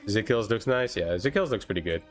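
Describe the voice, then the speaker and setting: A French-accented man streams a game in a relaxed, offhand way, swearing casually as he answers chat. His voice sits fairly low but swings widely in pitch, and faint music plays behind him. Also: a little fast. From France.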